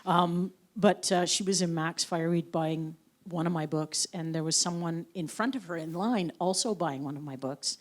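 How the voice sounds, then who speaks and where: A woman's voice: on the low side, moderate pace, few pauses. A woman from the Yukon, an author in an onstage conversation, telling frank family anecdotes with casual swearing. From Yukon, Canada. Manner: anecdotal storyteller, frank and profane. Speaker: author guest. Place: live event on stage.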